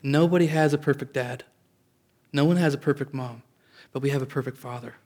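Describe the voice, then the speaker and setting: A man's voice: medium pitch, a little fast, darkish tone. A man preaching a sermon as pastor, in a conversational way, often restarting and calling out for an amen.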